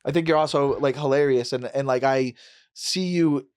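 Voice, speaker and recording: A man hosting a podcast, chatting casually and telling stories in quick bursts full of fillers. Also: medium pitch, smooth. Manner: animated, quick storytelling with fillers. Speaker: podcast host. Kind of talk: casual chat.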